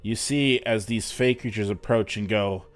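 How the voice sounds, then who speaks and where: A man narrating and running a tabletop fantasy game as game master, in a relaxed, hesitant way. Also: on the low side, normal speed, faint music behind.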